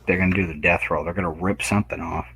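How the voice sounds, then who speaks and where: A man in casual chat who tells animated stories, acting out voices and laughing loudly. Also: low voice, quick pace, creaky, husky. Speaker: guest.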